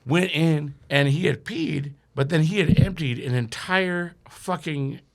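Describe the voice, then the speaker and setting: Man, slightly high voice, raspy edge, profane, animated storyteller, podcast guest. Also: unhurried. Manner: profane, animated, laughs mid-sentence. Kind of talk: casual comedic storytelling. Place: podcast studio.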